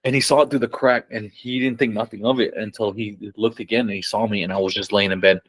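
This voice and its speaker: A man's voice: on the low side, quick pace, no echo, low-quality recording. Young man telling stories, casual. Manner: excited, swearing, laughs often, acts out quotes loudly. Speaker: podcast guest. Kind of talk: casual storytelling.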